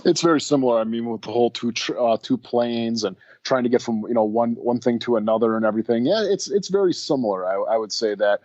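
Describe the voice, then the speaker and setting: A man's voice: mid-range voice, fast, hardly any pauses, a little mellow, dry recording, highs cut off. A man co-hosting a film podcast, talking in an easygoing, hesitant way with frequent restarts. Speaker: podcast co-host. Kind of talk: casual film-review chat.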